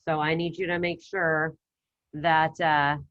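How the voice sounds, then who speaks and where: A woman teaching an online language class, giving brisk, upbeat coaching over a video call. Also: low voice, level tone, fairly bright tone, muffled recording. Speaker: Spanish teacher.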